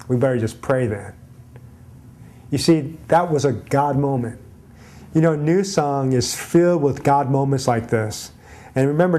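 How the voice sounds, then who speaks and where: A male pastor telling a personal story in an easy, conversational way, building to an encouraging call to share. His voice sits a little high with a warm, mellow tone. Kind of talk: storytelling church message.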